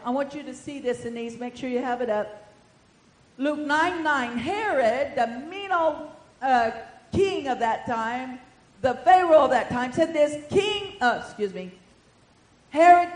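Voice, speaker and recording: An older woman preaches with animated storytelling, swinging from loud bursts to soft asides. Her voice sits slightly high for a woman. The sound is roomy, with a strong church-hall echo. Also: slow pace. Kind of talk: sermon.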